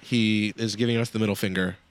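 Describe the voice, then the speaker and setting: A man's voice: fairly low pitch, fairly even intonation, brisk, noisy background. A man co-hosting a casual sports chat, dry and sarcastic, often hesitating with fillers. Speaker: podcast co-host.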